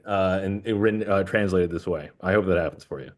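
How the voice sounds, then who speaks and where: Low-voiced chatty male interviewer. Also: fairly quick. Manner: chatty, rambling with many fillers. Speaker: festival programmer interviewing a filmmaker. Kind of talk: casual interview chat.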